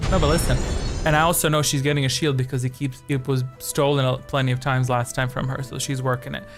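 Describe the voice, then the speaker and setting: A man's voice: mid-range voice, little pitch movement, fast talker, soft background music. A man hosting a live-stream quiz game, rambling chattily between questions with jokey asides. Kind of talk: casual live-stream chat.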